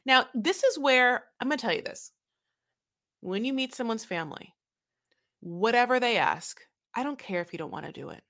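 A podcast co-host chats casually as she recaps events, acting out scenes dramatically and doing voices for the quotes. Her voice is on the high side, expressive and fairly bright, at a moderate pace.

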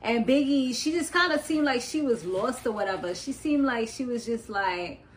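A young woman hosting a podcast, casually recapping a reality show in an animated, slangy way, laughing often and wandering into side notes. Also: on the high side, normal speed, slight background noise, rough recording. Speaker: podcast host.

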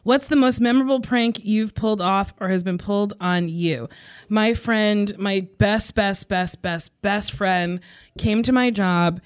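Frank, animated woman comedian. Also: medium pitch, a little slow, smooth, no room sound, studio quality. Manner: frank, animated storyteller with playful asides. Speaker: stand-up comedian. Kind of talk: answering rapid-fire questions.

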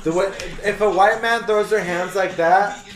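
A man co-hosting a podcast, mocking videos with crude jokes and loud playful bits. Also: high-pitched, moderate pace. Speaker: podcast co-host. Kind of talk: casual comedic banter reacting to videos. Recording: echoey room with music behind.

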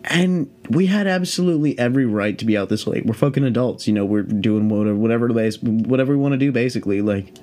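A man in his late twenties hosting a podcast, telling a story in a casual, rambling way, profane and animated. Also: lowish voice, quick pace, few pauses. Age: late 20s. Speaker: podcast host.

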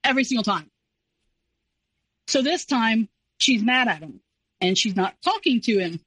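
A woman in her forties, an interview guest telling a personal story in a casual, animated way. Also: a little high, normal speed, breathy edge, no room sound, poor audio. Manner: animated, acts out quoted voices.

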